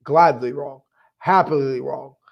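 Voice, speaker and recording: A man hosting a fan sports podcast, talking casually and excitedly, reading viewer comments aloud. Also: medium pitch, measured pace, gravelly, muffled recording. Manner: excitable, hyped, emotional.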